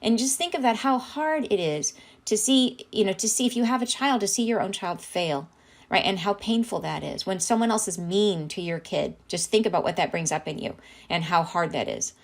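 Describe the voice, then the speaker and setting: A woman's voice: medium pitch, moderate pace, creaky. A middle-aged woman hosting a live stream, reading channeled messages aloud and talking them over in a heartfelt, casual way, often asking "right?". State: tearing up, laughing through tears.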